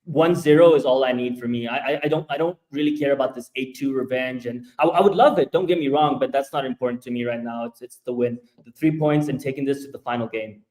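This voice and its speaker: Regular guy on a podcast, calm and steady, talking it through. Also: medium pitch, fast talker, hardly any pauses, poor audio. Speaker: podcast panelist. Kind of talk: casual chat.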